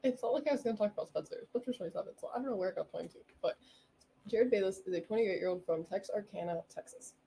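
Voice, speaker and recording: Young female podcast host, excitable and rambling; mellow tone, light background noise. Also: medium pitch, racing, vocal fry, low-quality recording. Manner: bubbly, rambling, giggly. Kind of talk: casual solo podcast chat.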